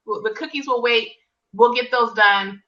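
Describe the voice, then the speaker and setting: A woman telling a personal story in casual conversation, acting out quoted lines. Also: normal speed. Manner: animated storyteller, acts out quotes in higher pitch. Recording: distant mic, dull lo-fi sound.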